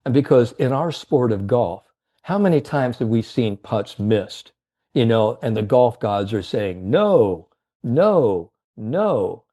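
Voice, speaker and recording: Earnest mellow-voiced man coaching mindset. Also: mid-range voice, a little slow. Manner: earnest, filler-heavy, rallying. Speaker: confidence and mindset coach, guest. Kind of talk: motivational storytelling.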